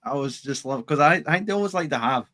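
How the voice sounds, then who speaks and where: A man co-hosting a podcast, easygoing and quick to agree in casual chat. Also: a little high, animated, sharp tone. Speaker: podcast co-host.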